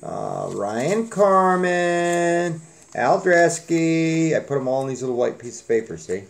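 A man's voice: mid-range voice, fairly quick. A man hosting a casual giveaway drawing on his channel, joking and rambling in a folksy way. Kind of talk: casual chat.

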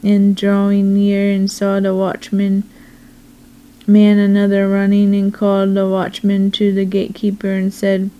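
A woman reading scripture aloud in a slow, deliberate, monotone way. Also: mid-range voice, muffled recording.

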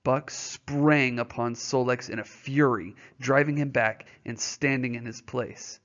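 A man's voice: medium pitch, fairly even intonation, a little slow, a bit bright. A male teacher reading a novel aloud and explaining it to students in a patient, informal way, often checking their understanding with questions. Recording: dull lo-fi recording.

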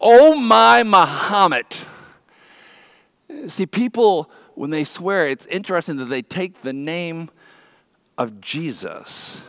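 Man, pastor, conversational sermon, high-pitched, dry close sound. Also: smooth, dry recording. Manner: conversational preaching, drops low and soft on key words. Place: church.

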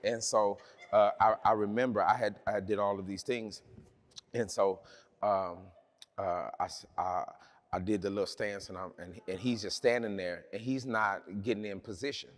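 A man's voice: lowish voice, steady tone, normal speed. A man preaching a sermon, telling a personal story in a conversational, humorous way with many restarts.

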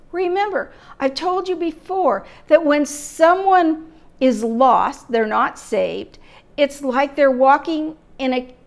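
Slow, gravelly-voiced woman teaching scripture. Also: high voice. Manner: slow, emphatic teaching with rhetorical questions. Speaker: Bible teacher. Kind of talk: church Bible lesson.

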